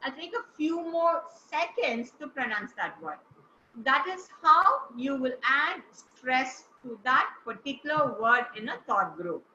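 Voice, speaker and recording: Lady coaching a club, high voice, echoey room, kinda lo-fi. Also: lively intonation, a little slow, sharp tone, a little hiss or hum. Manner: explains step by step, asks the group questions. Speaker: speaking coach. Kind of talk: classroom lesson on word stress. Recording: echoey room, dull lo-fi sound.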